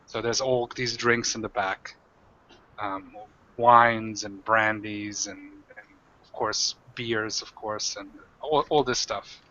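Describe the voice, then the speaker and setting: A man's voice: on the low side, steady tone, takes it slowly, sharp tone, muffled recording. A man narrating as game master of a tabletop game, in a rambling way with many fillers.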